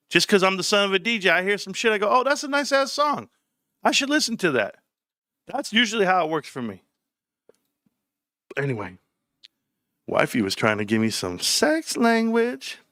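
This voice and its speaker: A man hosting a casual livestream from home, talking in an animated, rambling way with casual swearing. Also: mid-range voice, no room sound, studio quality. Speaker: livestream host.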